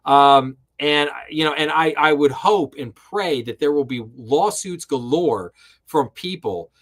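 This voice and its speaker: A man hosts a live-streamed finance commentary show, his voice sitting a little higher than most men's. He talks with impassioned, sarcastic energy, and he restarts and repeats words as his indignation builds. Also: animated, measured pace, fairly bright tone. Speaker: host.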